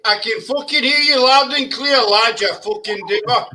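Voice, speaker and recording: Scottish co-host, high bright voice, swinging pitch, sweary banter. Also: male voice, normal speed, recorded from a distance, slight background noise. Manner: sweary and teasing. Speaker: stream co-host. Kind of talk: casual banter.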